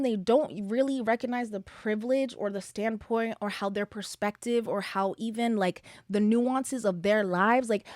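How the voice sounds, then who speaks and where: Young female podcast host, casual and opinionated, filler-heavy, mid-pitched, dry close sound. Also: dry recording. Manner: chatty, opinionated, frequent "like" fillers. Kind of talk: casual solo podcast chat.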